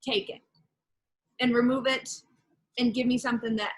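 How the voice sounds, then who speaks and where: Husky-voiced woman in animated faith chat. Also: a little high, moderate pace, poor audio. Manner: animated, laughing, storytelling with quoted asides. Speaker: podcast host.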